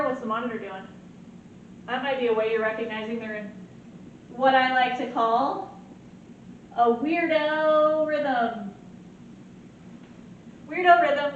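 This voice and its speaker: A woman teaching a nursing lecture in an animated way, often checking in with "right?". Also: high-pitched, a little hiss or hum. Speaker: nursing instructor. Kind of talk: recorded lecture. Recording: very echoey, distant, muffled.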